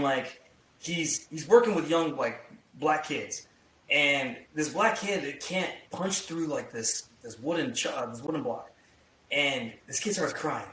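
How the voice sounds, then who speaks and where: A man's voice: fairly high pitch, a bit bright, a little hiss or hum. A man co-hosting a podcast in casual chat, rambling with many fillers. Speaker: podcast co-host and youth coach. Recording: echoey room, distant from the mic.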